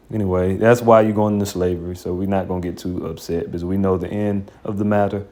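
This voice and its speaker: A man's voice: low voice, flat delivery, fairly quick, darkish tone. A man teaching scripture in an informal, blunt and colloquial way, with scornful asides. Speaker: Bible teacher.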